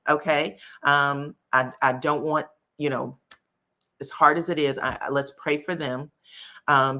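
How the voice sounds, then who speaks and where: A woman's voice: sits low, sharp tone. A woman hosting a gossip channel, chatting casually to her viewers with lots of um fillers. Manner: chatty, frequent um fillers, addresses viewers directly. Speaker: host of a celebrity gossip channel.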